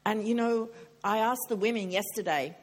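A woman's voice: medium pitch, normal speed. Chatty older woman preaching a sermon. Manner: chatty, joking, questions the audience.

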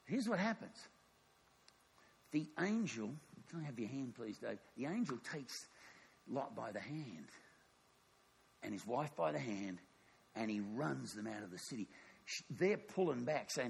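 A man preaches with a gravelly, slightly husky voice that swings widely up and down as he tells the story. His pitch sits a little above the usual for a man. He acts out the characters' lines in his sermon. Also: measured pace, long pauses. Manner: animated storytelling, acting out dialogue.

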